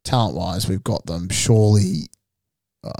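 A man's voice: deep voice, a little slow, warm tone, no room sound. A young man in casual studio chat, laid-back and teasing his co-host in a dry way. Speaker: podcast co-host.

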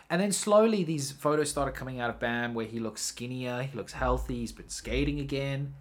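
A man's voice: mid-range voice, lively intonation, fairly quick, few pauses. A man hosting a solo podcast, telling a story in a rambling, casual way, swearing freely and often correcting himself. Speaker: podcast host.

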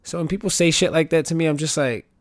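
This podcast host talks fast in a higher-pitched voice, recorded dry in clean studio sound. He rambles casually and swears constantly, getting animated and jumping up in pitch when quoting others.

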